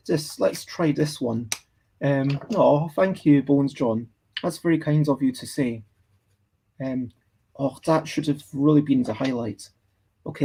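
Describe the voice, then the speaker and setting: Slow, gravelly Scottish man chatting while drawing. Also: on the high side, warm tone. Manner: meandering, thinking aloud, reading chat. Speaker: livestreaming artist. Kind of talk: casual chat while drawing.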